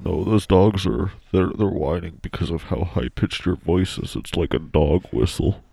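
A man's voice: low-pitched, moderate pace, vocal fry, mellow, husky, no room sound. A man co-hosting a podcast, teasing his partner in improvised comedy banter. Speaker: podcast co-host.

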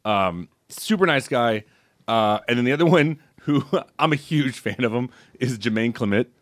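A man's voice: medium pitch, animated, normal speed, dry recording, clean studio sound. A man from the United States interviewing actors in a casual press junket style, chatty, laughing often and swearing freely. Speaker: entertainment interviewer.

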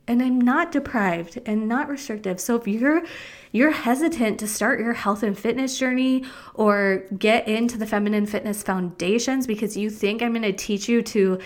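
Middle-aged woman talking on her podcast, chatty and emphatic, keeps saying like and right. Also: mid-range voice. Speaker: podcast host and fitness coach. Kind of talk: casual solo podcast rant.

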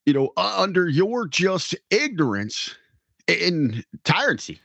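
A man's voice: high voice, very animated, slow pace, creaky, fairly bright tone, breathy edge, no echo. A man co-hosting a heated political talk podcast, speaking in an indignant, lecturing way with frequent restarts. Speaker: podcast co-host.

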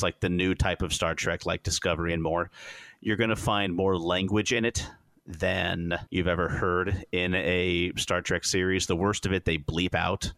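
A man hosting a casual podcast chat, reviewing a show as an animated storyteller who acts out the scenes. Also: low-pitched, dry recording.

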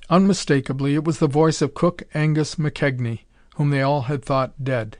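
Steady male audiobook narrator, dry sound. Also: on the high side, moderate pace, no room sound. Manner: steady storytelling.

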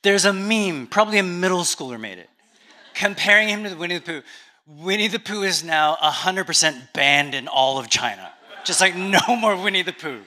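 Man, pastor, Canadian accent, chatty humorous sermon, very bright tone. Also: sits high, lively intonation, normal speed. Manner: conversational storytelling with humor.

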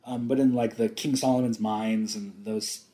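A man's voice: lowish voice, fairly even intonation, normal speed, warm tone. A man co-hosting a podcast, talking casually and enthusiastically about a film, laughing often and swearing freely. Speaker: podcast co-host.

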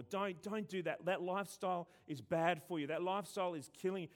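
A male preacher with a fairly high voice gives his sermon. He hammers some words and drops to a hush on others. He often stumbles over his phrasing and restarts it. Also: normal speed. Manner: emphatic, swings between loud and hushed, stumbles and repeats.

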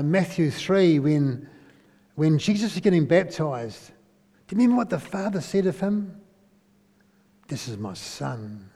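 A man's voice: on the high side, warm tone. A man giving a conversational sermon, often asking listeners questions and tagging lines with "eh?". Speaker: preacher. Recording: long hall reverb.

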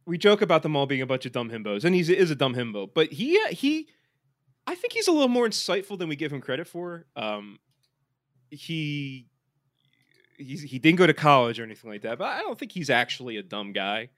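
A man's voice: a little high, big pitch swings, fairly quick, a bit bright, dry recording, clean studio sound. A man co-hosting a podcast in casual sports chat, rambling with lots of fillers and restarts. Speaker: podcast co-host.

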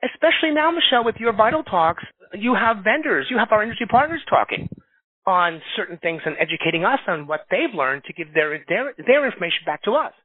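Animated middle-aged man on a tinny line. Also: sits high, brisk, no echo. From New York. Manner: animated storyteller acting out quotes. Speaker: staffing recruiter, association leader. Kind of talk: casual podcast conversation. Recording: tinny phone-like dry sound.

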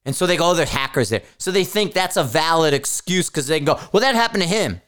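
A man's voice: on the high side, expressive, fast, fairly bright tone, smooth. A man hosting a podcast, talking casually in a blunt, profane, rambling way with frequent restarts. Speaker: podcast host. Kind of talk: casual solo podcast rant.

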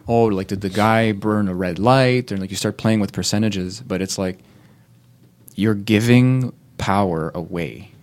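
Male podcast co-host, lowish voice, loose rambling delivery with casual swearing. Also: a little mellow. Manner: rambling, laughing, swears often.

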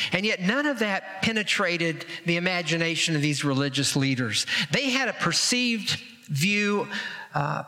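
A man preaching a sermon as pastor, animated and dramatic in retelling the story. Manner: animated, acts out quoted voices with rising pitch. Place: church sanctuary. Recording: reverberant hall.

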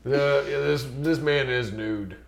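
A man rambles and jokes as a player in a tabletop role-playing game. His voice has a gravelly fry and sits at a middle pitch. The room echoes around him. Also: takes it slowly. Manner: joking, rambling. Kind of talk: casual tabletop play.

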